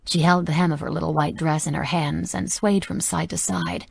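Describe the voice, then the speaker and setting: A woman narrating a romance audiobook softly and intimately. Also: low-pitched, steady tone, moderate pace, creaky, slightly rough, no echo, studio quality. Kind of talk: scripted narration.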